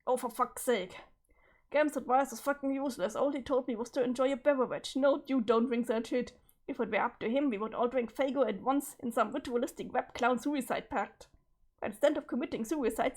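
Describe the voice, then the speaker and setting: A woman's voice: fairly high pitch, fairly quick, darkish tone, natural voice. A woman voicing a hot-tempered, foul-mouthed teenage troll boy leader while reading a webcomic aloud, with a sarcastic, swearing rant. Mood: scornful. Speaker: streamer.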